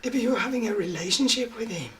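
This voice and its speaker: A firm, caring neighbour. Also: female voice, a little high, animated, very fast, a bit bright, a little hiss or hum. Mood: insistent. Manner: firm and persuasive, with small stumbles. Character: caring, outspoken woman, middle-aged neighbour. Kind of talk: TV drama acting.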